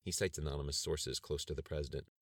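Guy reading as a brisk no-nonsense lady chief of staff, low and quick. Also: steady tone, dry recording, studio quality. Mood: briefing. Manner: brisk, matter-of-fact reporting. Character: briefing woman chief of staff.

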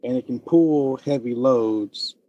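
A man's voice: mid-range voice, slow, warm tone, no room sound, dull audio. A man on a podcast as a guest, chatting casually in a cocky, joking way.

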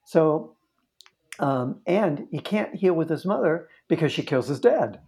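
Here a therapist relates a case in conversation, earnestly and vividly, repeatedly restarting sentences. His voice is a little high, expressive and creaky, with a darkish tone and a measured pace.

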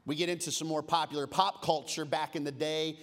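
A man in his forties preaching a sermon as a pastor, telling lively, humorous stories that swing between loud bursts and low, hushed moments. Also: a little fast. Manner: lively storytelling, humorous asides. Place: church auditorium. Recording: long reverb of a large hall.

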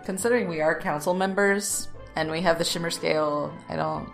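A woman's voice: low voice, fairly even intonation, a little fast, vocal fry, faint music behind. A woman playing in a tabletop game, chatting casually and a little hesitantly. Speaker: player.

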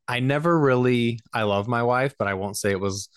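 A man's voice: medium pitch, a little fast, smooth, no room sound, clean studio sound. A young man, a new father, chatting casually as co-host and acting out quotes with a self-deprecating humor. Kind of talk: casual chat.

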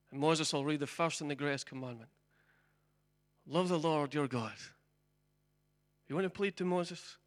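A male pastor delivers a sermon in a high-pitched voice. He moves between loud, urgent preaching and near-whispered pleading, and his voice carries a long reverb from a large hall.

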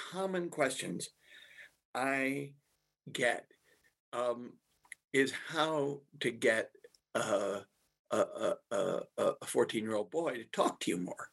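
A man, a family therapist, talking to parents in a halting way, with many filler restarts and stories from his practice. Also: medium pitch, creaky, a bit bright, breathy edge. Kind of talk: talk to parents.

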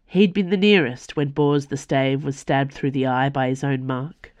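A woman, the author, reading her own fantasy novel aloud for a podcast in a measured storytelling voice. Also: very deep voice, steady tone, a little mellow, dry recording. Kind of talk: audiobook fantasy narration.

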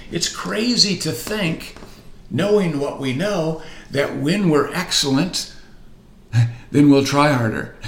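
An older man in his sixties delivers a motivational coaching talk with a mid-range voice. He leans hard on repeated words and moves between loud pushes and soft, drawn-out lines. The room gives back a noticeable echo. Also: medium pitch, gravelly. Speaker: practice coach. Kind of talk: motivational speech. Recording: roomy echo.

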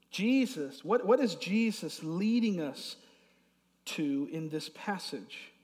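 A middle-aged man preaching a sermon as pastor, swinging from loud emphasis to soft asides. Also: a little high. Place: church hall. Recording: long hall reverb.

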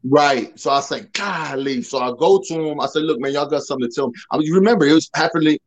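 Big loud guy telling his testimony on a podcast, slangy, acts out all the voices. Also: a little high, fast, low-quality recording. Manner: loud, animated, acts out quoted dialogue; casual street slang. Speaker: podcast guest. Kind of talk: personal testimony storytelling.

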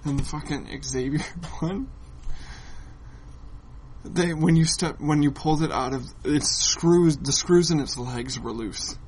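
Co-hosting a laid-back comic-book podcast, this Irish-American man spins profane stories punctuated by laughter. His pitch is fairly high, his pace measured, and his voice a little mellow and slightly rough.

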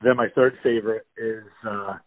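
Casting note: man, low voice, eager and rambling fan chat, dry tinny phone-like line. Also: fairly even intonation, normal speed, dry recording. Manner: enthusiastic, rambling with many fillers and restarts. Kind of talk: casual movie discussion.

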